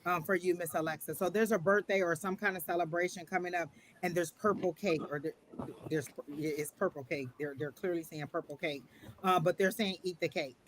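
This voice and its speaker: Man, tarot reader, live online reading, soft reassuring delivery, fairly high voice, faint background noise. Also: steady tone, brisk. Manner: gentle, reassuring, repeats phrases.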